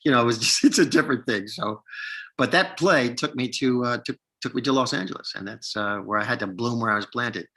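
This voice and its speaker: A man in his sixties from upstate New York, an actor telling lively stories from his career in a casual interview, acting out the lines of people he quotes. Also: mid-range voice, fairly quick. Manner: animated storyteller, acts out quoted lines, many restarts. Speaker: actor guest.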